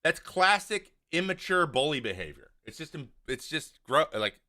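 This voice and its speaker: Bright-voiced animated male host. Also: a little high, moderate pace. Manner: animated, acts out what players say; exasperated, blunt. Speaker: host, former pitcher. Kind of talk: casual video breakdown commentary.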